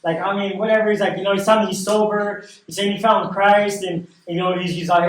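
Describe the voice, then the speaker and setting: In a recovery service hall, a man shares his own recovery story in a casual, storytelling way, full of slang and phrases he says again and again. His voice is high, his intonation fairly even, and his pace quick, all caught in an echoey, far-off recording.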